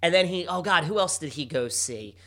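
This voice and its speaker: A man co-hosts a loose, swear-filled podcast chat. His voice sits a little high and rings bright and forward, and he tells his stories with lively energy. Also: fairly quick. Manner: animated, swearing, laughing storyteller. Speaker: podcast co-host. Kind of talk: casual chat.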